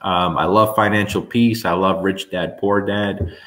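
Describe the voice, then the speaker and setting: Animated storyteller man, lowish voice. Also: measured pace. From New Jersey. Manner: animated storyteller, rambling restarts. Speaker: host. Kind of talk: casual chat with viewers.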